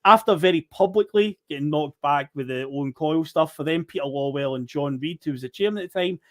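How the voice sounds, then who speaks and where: A Scottish man hosting a football podcast, calmly recapping events and prompting his co-host. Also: fairly high pitch. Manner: measured, recaps events for listeners. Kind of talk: casual football chat.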